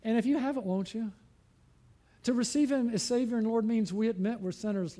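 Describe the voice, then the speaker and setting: High-pitched guy preaching, mellow tone, earnest and pleading, keeps asking the crowd questions. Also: normal speed. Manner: earnest, pleading, rising to fervent appeals; asks the listeners questions. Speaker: pastor. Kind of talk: sermon.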